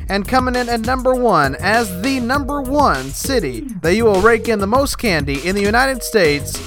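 A man's voice: very high voice, lively intonation, normal speed, over music. A man hosting a comedy podcast, chatting playfully and getting exasperated with his sidekick. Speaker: podcast host.

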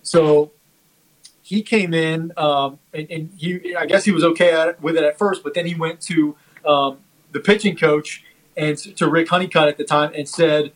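A man in a casual sports chat, recounting anecdotes in a halting way with many fillers. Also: on the high side, fairly even intonation, rough recording.

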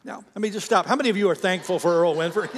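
A man's voice: high voice, big-room sound. A middle-aged man in his fifties preaching a sermon, chatty and self-deprecating as he tells a story from his early ministry. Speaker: pastor. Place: church sanctuary.

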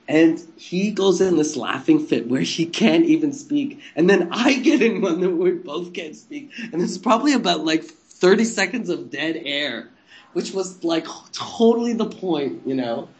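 A man's voice: fairly high pitch, lively intonation, a little slow. Rambling, laughing man telling stories. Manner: rambling, laughs often, swears freely. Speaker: guest, former live TV presenter. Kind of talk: casual storytelling chat.

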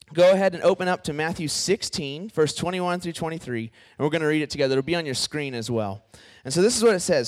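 Lively joking preacher. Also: male voice, a little high. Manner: lively, joking, acts out quoted friends. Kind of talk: sermon.

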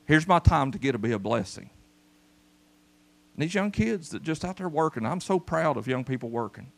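Folksy pastor, gravelly voice. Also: male voice, fairly high pitch, moderate pace. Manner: folksy, animated, calls out to the congregation. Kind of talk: storytelling sermon. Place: church service.

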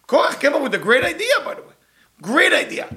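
Animated gravelly man teaching. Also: extremely high pitch, fast talker. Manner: emphatic, repeats points with rhetorical questions. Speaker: Torah teacher. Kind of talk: animated Torah lesson.

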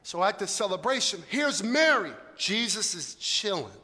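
A middle-aged man preaching a sermon in a humorous, conversational way, now and then shouting for emphasis. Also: high-pitched, sing-song, normal speed. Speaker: pastor. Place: church hall. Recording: long echo of a large hall.

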